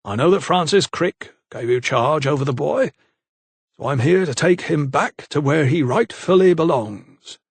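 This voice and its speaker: A man's voice: fairly high pitch, animated, unhurried, breathy edge, dry recording, voice pushed up, exaggerated voice. A man voicing a stiffly formal little notary who is easily affronted. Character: prim, supercilious little male notary.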